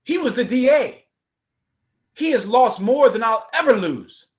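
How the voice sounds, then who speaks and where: Man putting on a polite nigerian inmate, formal and serious, kinda high. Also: animated, unhurried. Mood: solemn.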